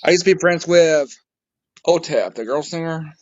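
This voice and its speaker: Slightly higher man on a lo-fi call. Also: moderate pace, no echo. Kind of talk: casual video-call chat. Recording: dull lo-fi call audio.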